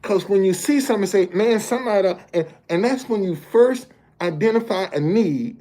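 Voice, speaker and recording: A man's voice: sits high, moderate pace, warm tone. A man in his fifties or older telling a personal story as a motivational speaker. He talks plainly to his listeners and often stops to repeat words as he builds a point. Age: 50s or older. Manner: plain-spoken, addresses listeners directly. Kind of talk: storytelling monologue.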